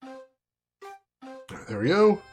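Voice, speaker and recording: A man's voice: high voice, huge pitch swings, slow, a little mellow, faint music behind. A man playing through an old adventure game and chatting casually to viewers about it, amused by the jokes. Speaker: game streamer. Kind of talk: let's play commentary.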